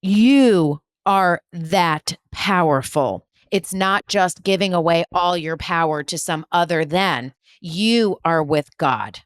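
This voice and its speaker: A woman's voice: lowish voice, slow, hardly any pauses, dry recording, clean studio sound. A woman hosting a spiritual podcast, giving an emphatic, repetitive motivational talk with blunt swearing and humor. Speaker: spiritual medium and podcast host.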